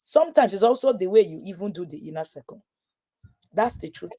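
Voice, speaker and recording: A parenting coach from Nigeria talks to parents during a live webinar, her medium-pitched voice fairly quick with a breathy edge. She tells stories animatedly, performing the voices she quotes.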